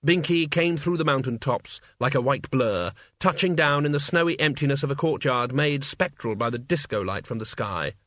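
A man narrating an audiobook in a measured, dry storytelling manner. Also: mid-range voice, animated, fairly bright tone, no echo. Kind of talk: scripted narration.

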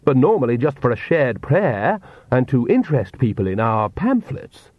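A man's voice: mid-range voice, very animated, moderate pace, no room sound, narrow, tinny audio. A man voicing a timid young priest who speaks hesitantly and politely.

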